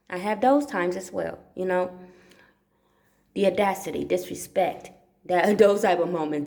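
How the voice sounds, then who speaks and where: A woman's voice: on the low side, unhurried, gravelly, pauses often, darkish tone, reverberant. A woman talking in a casual, rambling monologue at home, cursing often and repeating herself for emphasis. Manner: profane, repetitive, emphatic. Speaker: livestream host. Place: dark room at home.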